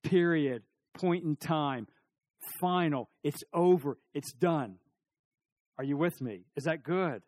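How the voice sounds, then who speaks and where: A middle-aged man preaching a sermon, telling stories with lively emphasis, asking the congregation questions, and dropping to a near-whisper for serious points. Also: a little high, slow pace, no room sound. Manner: animated storytelling, rising emphasis and sudden drops to near-whisper. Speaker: pastor.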